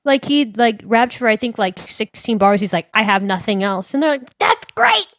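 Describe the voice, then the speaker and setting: A woman's voice: mid-range voice, moderate pace, no echo. Young woman, podcast co-host, chatty, filler-heavy, dry close sound. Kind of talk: casual chat.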